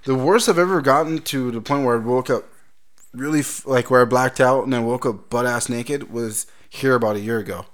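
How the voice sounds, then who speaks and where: Male podcast host, casual crude chat, swears a lot, mid-pitched. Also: a little fast. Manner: profane, laughing, reads out news stories.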